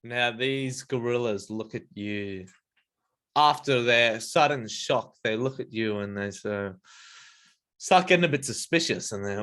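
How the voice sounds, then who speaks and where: A man's voice: mid-range voice, a little slow, a bit bright. A man running a casual tabletop game, narrating with a rambling, filler-heavy manner. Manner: rambling, lots of "like" and "um". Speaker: game master.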